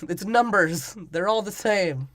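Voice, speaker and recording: A man's voice: high-pitched, lively intonation, unhurried, fairly bright tone. A man co-hosting a casual podcast, laughing and correcting details while recapping a movie. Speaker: podcast co-host. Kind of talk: casual movie breakdown chat.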